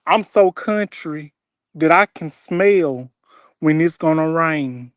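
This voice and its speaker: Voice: medium pitch, takes it slowly, no echo, studio quality. A person from Mississippi with a Southern twang, chatting casually on a livestream in folksy country talk. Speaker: livestream co-host. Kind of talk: casual chat.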